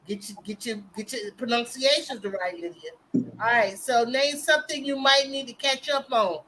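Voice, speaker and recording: Bright high-voiced woman hosting. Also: normal speed, slight background noise, rough recording. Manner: laughs through her stories. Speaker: host. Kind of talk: live game show chat.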